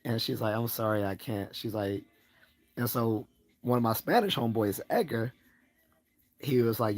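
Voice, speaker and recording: A man hosting a livestream, telling a rambling personal story in a casual way, laughing often and raising his voice to act out what people said. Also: moderate pace. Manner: rambling, laughs often, acts out quoted lines in a higher voice. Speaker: livestream host.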